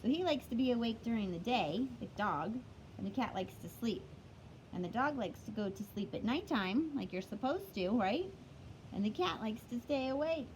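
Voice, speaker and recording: Lively woman reading to kids. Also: on the high side, moderate pace, a little hiss or hum, poor audio. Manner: chatty, stops to explain words to kids. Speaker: teacher. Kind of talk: reading a picture book aloud to children.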